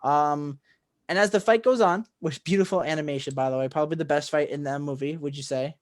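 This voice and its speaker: A man co-hosting a podcast, recapping a film in casual chat, excitable and rambling with lots of fillers and restarts. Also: a little high, a little fast. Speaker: podcast co-host.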